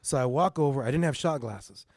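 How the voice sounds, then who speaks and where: A middle-aged man casually telling a story on a podcast, animated and swearing, often asking "you know what I mean". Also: mid-range voice, brisk, no echo, clean studio sound. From Mexican heritage. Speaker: podcast host.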